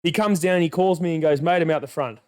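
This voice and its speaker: A man's voice: a little high, quick pace, no room sound. Young male co-host, raised voice, swearing storyteller, dead-dry sound. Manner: animated, swears freely, acts out dialogue. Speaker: podcast co-host. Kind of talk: casual storytelling.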